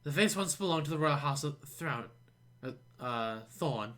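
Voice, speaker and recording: A man's voice: fairly high pitch, expressive, unhurried, fairly bright tone. A man voicing a haughty noblewoman who scolds her servant in an imperious tone.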